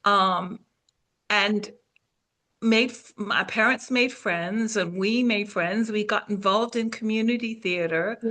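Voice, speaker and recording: A woman's voice: medium pitch, slow pace, sharp tone. A middle-aged woman from England, hosting a casual interview and steering the conversation along. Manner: steering, leads the talk in order. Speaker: interviewer, host.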